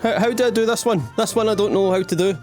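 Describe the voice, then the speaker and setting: A Scottish man hosts a let's-play, his high voice moving at a quick pace with a darkish tone while faint music plays behind him. The gaming channel host rambles through self-mocking jokes and asides to the viewer as he plays, in playful let's-play commentary.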